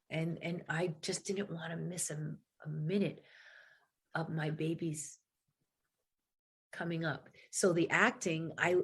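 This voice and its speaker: A woman guest in a casual interview, speaking in a husky, slightly low voice. She talks candidly and with animation, and she laughs easily.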